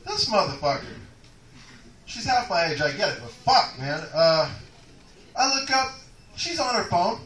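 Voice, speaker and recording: A man's voice: high voice, big pitch swings, normal speed, long pauses, fairly bright tone. A man doing a rambling, profane stand-up set in a comedy club. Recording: echoey club, taped from far off.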